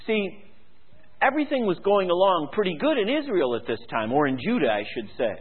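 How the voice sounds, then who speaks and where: A man's voice: very animated, a little fast, husky. A man preaching a sermon, reading scripture and urging listeners to repent, with emphatic delivery. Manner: emphatic, rises high when mimicking complacent people. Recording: phone-like lo-fi radio broadcast.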